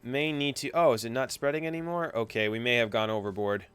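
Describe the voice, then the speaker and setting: A man's voice: medium pitch, brisk, a bit bright, clean tone, soft background music. A young man giving a screen-recorded tutorial, narrating each click with chatty, playful asides. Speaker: coding instructor.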